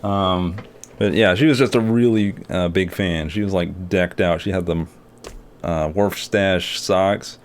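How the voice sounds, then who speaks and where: Young male vlogger, slightly low voice, loose and rambling, filler-heavy storytelling. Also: steady tone, unhurried, a little hiss or hum. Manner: rambling, with many fillers and restarts. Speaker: artist and video creator. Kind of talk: casual vlog storytelling.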